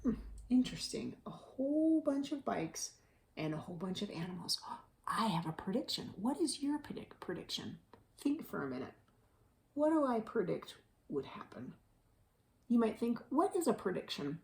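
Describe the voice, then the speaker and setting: A woman teacher reading a picture book aloud to children, animated, gasping and asking them questions. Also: mid-range voice, moderate pace, gravelly.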